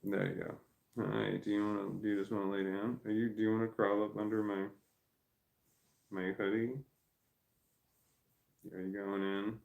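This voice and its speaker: A man's voice: on the low side, flat delivery, normal speed, creaky, pauses often, darkish tone, roomy sound. A man chatting casually at home in a meandering, stammering way, talking to his dog and reading messages aloud. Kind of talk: rambling casual livestream chat. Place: at home indoors.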